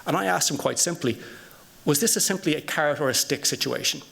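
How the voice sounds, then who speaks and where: A man speaking on a conference panel, with a gravelly edge to his voice. He talks in a storytelling way, building his point through anecdotes and rhetorical questions. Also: on the high side, fairly quick, a bit bright.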